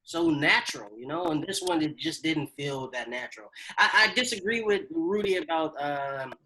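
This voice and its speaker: A man's voice: on the high side, moderate pace, sharp tone, breathy edge, rough recording. A man co-hosting a casual film podcast, hesitant and trailing off with many "um"s. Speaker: podcast co-host.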